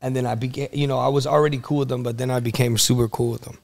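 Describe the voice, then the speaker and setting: A man's voice: mid-range voice, rapid-fire, gravelly. A man on a podcast, a guest telling stories casually and acting out the lines of the people in them. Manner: animated storyteller, acts out quoted dialogue. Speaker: guest, car broker.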